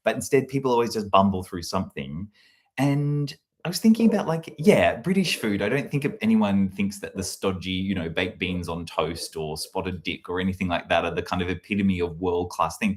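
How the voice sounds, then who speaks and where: Rambling man, low voice. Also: normal speed. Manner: meandering, animated, lots of fillers, jumps to shrill put-on quotes. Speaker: livestream host. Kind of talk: casual rambling chat.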